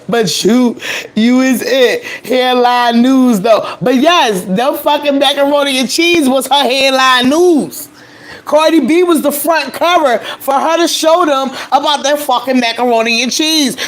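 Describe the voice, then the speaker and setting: A woman with a nasal voice hosting a live stream of casual celebrity gossip, brash and profane, laughing often. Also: high voice. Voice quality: nasal, allergy-stuffed voice.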